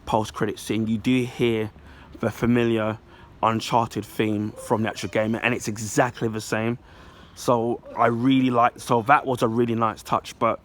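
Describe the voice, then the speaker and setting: A man with a hoarse, congested voice gives a rambling, self-correcting film review in a casual vlog. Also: medium pitch.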